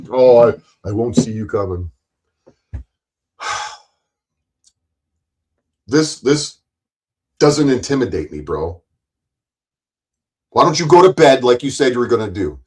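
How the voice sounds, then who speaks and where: A man's voice: medium pitch, darkish tone, low-quality recording. A man hosting a livestream, ranting at his chat in a profane, taunting, confrontational way. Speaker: livestream host.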